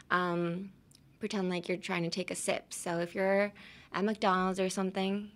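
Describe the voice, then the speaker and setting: A woman's voice: medium pitch, steady tone, moderate pace, a bit bright. Giggly young woman teaching pronunciation. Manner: giggly and playful, laughs often. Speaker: podcast host teaching English pronunciation. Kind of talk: casual teaching chat, mixing English with Japanese. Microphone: talking into a camera.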